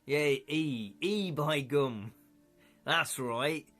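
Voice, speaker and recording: A man's voice: a little high, very slow, fairly bright tone, faint music behind. Man putting on a sneering rustic goon, mocking drawl, storytelling game. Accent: mock rustic English. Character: shifty mocking male tavern goon with a heavy laugh.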